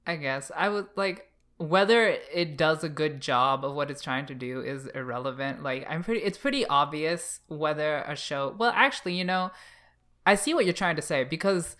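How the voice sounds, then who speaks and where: A woman's voice: low-pitched, expressive, normal speed, a bit bright. A young woman co-hosting a podcast, debating in a blunt, sarcastic, loose way. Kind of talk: casual debate chat.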